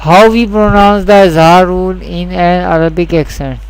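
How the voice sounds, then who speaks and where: A man teaching Quran reading rules in a slow, deliberate lesson, repeating each key point and speaking English with a South Asian accent. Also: high-pitched, steady tone, clean tone, low-quality recording. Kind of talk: slow scripted lesson narration.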